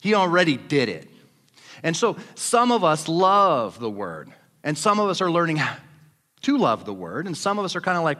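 A man preaches a fervent sermon, his high voice climbing as he presses his listeners. His tone is bright and forceful, and it carries a long reverb from a big church hall. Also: sing-song, normal speed, long pauses. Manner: fervent preaching that builds to shouting. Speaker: pastor.

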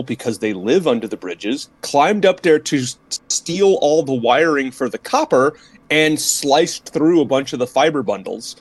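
A man's voice: medium pitch, dry recording. A man co-hosting a podcast, telling stories in a casual chat with dry, exasperated sarcasm. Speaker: podcast co-host.

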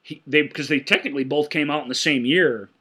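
A man co-hosting a film podcast, retelling movie scenes in an animated way and laughing often. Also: on the high side, fairly quick, husky. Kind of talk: casual film discussion.

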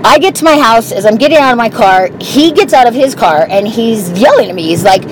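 Woman, casual driving monologue, blunt and profane, loud car noise behind. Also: fairly high pitch, expressive, a little fast. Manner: candid, profane storytelling. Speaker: vlogger. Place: inside a car on the road.

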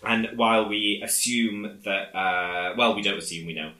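A man casually recapping a film on a podcast, halting often with fillers as he retells scenes. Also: on the low side, sharp tone, echoey room, poor audio. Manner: rambling, halting with many fillers. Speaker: podcast co-host.

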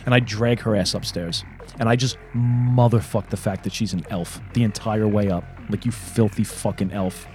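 A man playing a tabletop game, talking bluntly and profanely in quick bursts with frequent restarts. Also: lowish voice, darkish tone, faint music behind. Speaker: player. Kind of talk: casual tabletop game play.

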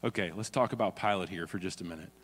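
Preacher, earnest sermon delivery, big reverberant hall. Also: male voice, sits low, fast, a bit bright. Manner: earnest, demonstrative, reads scripture aloud. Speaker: pastor.

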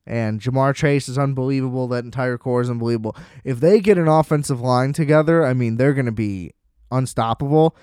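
A man's voice: medium pitch, brisk, darkish tone, clear, resonant tone, dry recording, studio quality. Profane, sarcastic man ranting about sports. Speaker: sports commentator. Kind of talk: casual solo sports rant.

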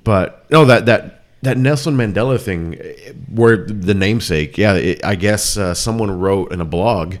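A very deep-voiced man in his thirties hosts a loose podcast conversation. He rambles through his points, restarting sentences and laughing easily as he goes. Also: a little slow. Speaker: podcast host. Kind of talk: casual chat.

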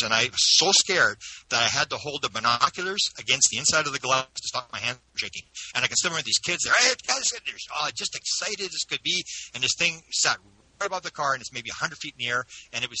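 A man who is an interview guest, telling a personal story in an animated way with frequent restarts. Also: mid-range voice, breathy edge, low-quality recording. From Canada.

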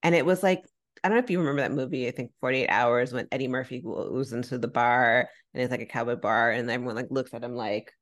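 Low-voiced woman telling a lively story. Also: quick pace. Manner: animated, acts out quoted dialogue in a raised voice; casual slang and laughter. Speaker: podcast co-host. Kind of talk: personal storytelling on a podcast.

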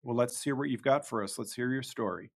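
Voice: medium pitch, a little fast, vocal fry, breathy edge. A podcast host reading a scripted show intro and prompting a guest in a friendly, encouraging way.

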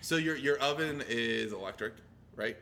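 A man telling animated stories in a casual chat, swearing often and laughing as he talks, with faint noise in the background. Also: mid-range voice, moderate pace. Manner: profane, animated storytelling.

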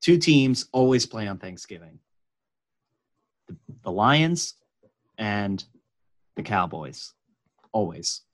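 A young man co-hosting a podcast, chatting excitedly and playfully with lots of fillers. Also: lowish voice, slow, pauses often, no echo. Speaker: podcast co-host. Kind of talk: casual sports chat.

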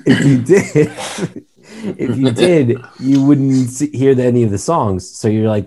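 Mellow-voiced man rambling in casual chat. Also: medium pitch, unhurried. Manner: rambling, wry, repeats himself. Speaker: podcast co-host.

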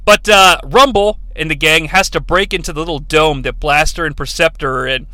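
A man's voice: a little high, steady tone, moderate pace, pushed and bright, no room sound. A man hosting a countdown show in casual commentary, enthusiastic and rambling into asides, often laughing as he talks.

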